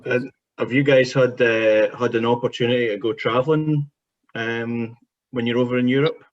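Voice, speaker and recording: A man hosting an online chat show, reading viewer questions to his guests in a relaxed way. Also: medium pitch, normal speed. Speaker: host. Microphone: video call. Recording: dull lo-fi video call audio.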